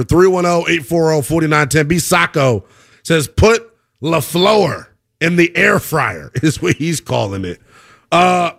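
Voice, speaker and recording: Guy on sports radio ranting about football, higher voice, really lively ups and downs. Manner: emphatic, opinionated, conversational. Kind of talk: sports talk radio monologue.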